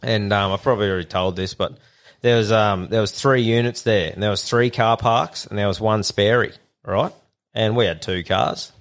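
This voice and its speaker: A man's voice: fairly low pitch, fairly even intonation, normal speed. An Australian man telling a story in a casual chat, blunt and swearing freely.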